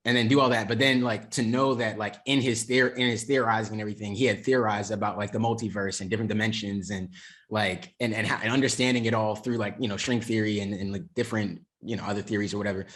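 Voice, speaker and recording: A man's voice: on the low side, fairly even intonation, fast, fairly bright tone. Rambling enthusiastic podcast man. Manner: rambling, enthusiastic, lots of fillers. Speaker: podcast co-host. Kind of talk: casual chat about a movie.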